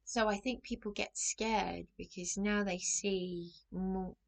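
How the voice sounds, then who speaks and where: A middle-aged woman chats to camera in a loose, rambling way. Her voice has a gravelly fry, and she keeps breaking off and restarting in an anxious manner. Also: mid-range voice, fairly even intonation, slow pace. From England. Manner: anxious, rambling, self-interrupting. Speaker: vlogger. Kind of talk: casual storytelling to camera.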